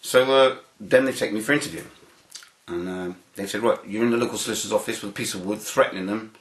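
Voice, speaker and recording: A man's voice: on the low side, fast talker, echoey room, low-quality recording. A man giving an interview, telling a long anecdote in a rambling way, with many restarts and fillers. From United Kingdom. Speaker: interview guest.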